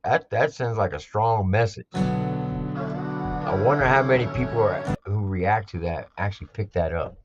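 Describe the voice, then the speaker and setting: A man's voice: fairly low pitch, measured pace, lo-fi sound, over music. A man hosting a live album reaction, talking casually and emphatically and repeating his points.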